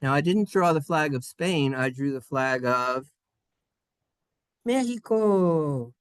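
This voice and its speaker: A man's voice: mid-range voice, normal speed, fairly bright tone, clean tone, dry recording, clean studio sound. A man teaching a playful Hebrew lesson to children in a synagogue classroom, jokey and sing-song.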